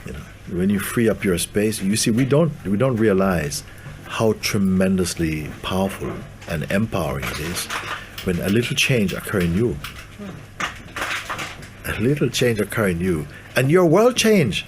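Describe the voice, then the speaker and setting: Gentle, low-voiced male spiritual teacher. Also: lively intonation, moderate pace, background noise. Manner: gentle, laughs often, playful. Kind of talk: spiritual talk to a gathering.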